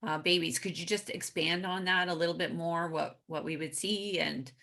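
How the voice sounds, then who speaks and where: A woman's voice: on the low side, fairly even intonation, normal speed, pushed and bright. A woman hosting an interview, asking questions hesitantly with many ums and uhs. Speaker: interview host.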